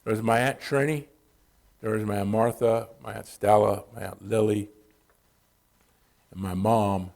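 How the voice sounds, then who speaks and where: A man's voice: lowish voice, fairly even intonation, measured pace, gravelly, pauses often, darkish tone. A man from Southern California telling personal stories at a church in a casual, conversational way. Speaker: church speaker.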